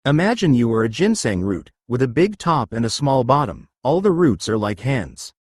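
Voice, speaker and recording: A man's voice: medium pitch, big pitch swings, normal speed, dry recording, clean studio sound. A man teaching an exercise lesson, explaining and often checking whether listeners follow. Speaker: exercise instructor.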